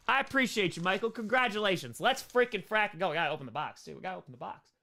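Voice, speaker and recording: Animated New York man hosting a stream. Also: high voice, quick pace, vocal fry, hardly any pauses. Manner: excitable, hype shouts, repeats thanks over and over. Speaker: sports comedian hosting a live stream Q&A. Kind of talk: casual live stream chat, reading fan mail and viewer questions.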